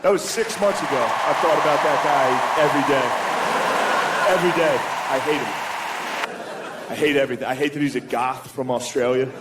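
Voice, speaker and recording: A stand-up comedian with a mid-pitched male voice delivers crude, deadpan jokes and keeps breaking into laughter. He works a stage mic in a big hall where his words ring out with a long echo. A loud crowd laughs over a steady hum of noise. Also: a little fast. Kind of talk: stand-up set before a live audience. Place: large hall with a live audience.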